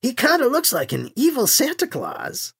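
A woman's voice: high voice, huge pitch swings, normal speed, gravelly, a bit bright, husky, voice pushed up, heavily acted. A narrator voicing a laid-back, quirky female deputy security chief with a musing way of talking.

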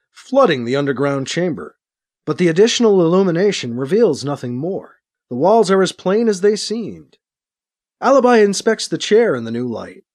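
A man reading a science fiction story as narrator, in steady storytelling narration. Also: high voice. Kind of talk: scripted narration.

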